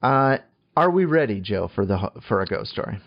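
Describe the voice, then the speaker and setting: A man co-hosting a casual podcast chat, halting through many fillers and tossing in joking asides. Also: on the low side, very animated, creaky, highs cut off. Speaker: podcast co-host.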